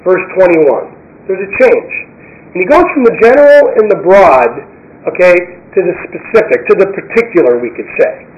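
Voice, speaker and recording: A man preaching a sermon, emphatic, repeating key phrases and slowing down to read scripture. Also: high-pitched, big pitch swings, dull audio. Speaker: pastor.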